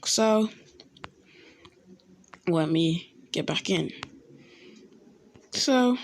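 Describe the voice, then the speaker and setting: A young woman casually telling a fan-made story, halting often with ums and restarts. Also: fairly low pitch, expressive.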